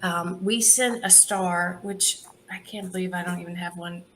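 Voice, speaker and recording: Middle-aged woman, charity founder guest, lively anecdotes, slightly low pitch, faint background noise. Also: moderate pace. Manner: lively anecdotal, laughs often, acts out quoted dialogue. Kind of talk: casual interview storytelling.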